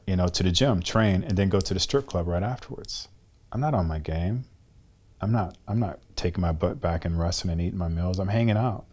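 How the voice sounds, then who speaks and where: A man's voice: deep voice, darkish tone. A middle-aged man, a former bodybuilder, speaking as an interview guest and telling candid stories with emphatic, acted-out dialogue and blunt swearing.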